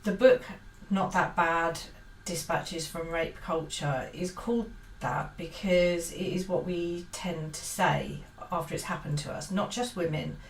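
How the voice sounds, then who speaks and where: Speaking a little slowly with few pauses in a lowish voice, a woman delivers an earnest, casual book review as a vlogger. Her talk is hesitant and laden with fillers and restarts, and the recording has roomy echo, faint hiss, and a distant mic.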